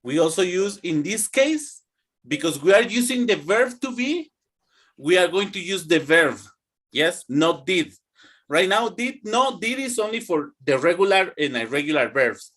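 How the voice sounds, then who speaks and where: Male English teacher, young, higher voice, slow and animated drilling delivery. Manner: slow, drawn-out teaching with repeat-after-me drills. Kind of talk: online classroom lesson.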